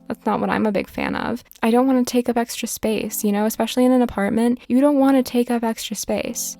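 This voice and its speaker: A gaming vlogger with a slightly high, mellow voice and some vocal fry chats casually while playing a life-sim game. She rambles between topics, stays sarcastic, and swears at the game now and then.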